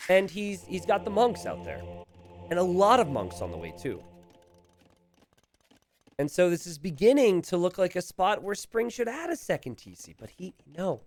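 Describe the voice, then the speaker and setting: A man commentating a recorded strategy game match, animated and chuckling, calling out to the players. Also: high voice, moderate pace, pauses often, faint music behind.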